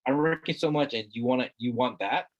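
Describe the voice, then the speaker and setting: A man's voice: mid-range voice, brisk, muffled recording. A middle-aged man from Hawaii, a guest talking earnestly in a casual conversation, repeating words for emphasis. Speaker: interview guest.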